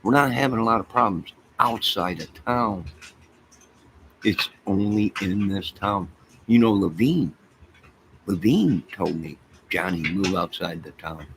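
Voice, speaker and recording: Man, deep voice, slow talker, rambling livestream chat, steady background noise. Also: low-quality recording. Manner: rambling, storytelling, talks to chat and to his pets. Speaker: livestream host chatting with viewers. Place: home apartment by a fire.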